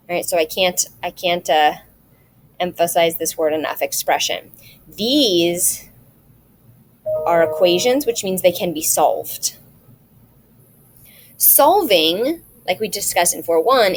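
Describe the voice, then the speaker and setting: Woman calmly teaching math step by step. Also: medium pitch. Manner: patient, step-by-step explaining. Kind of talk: recorded video lesson.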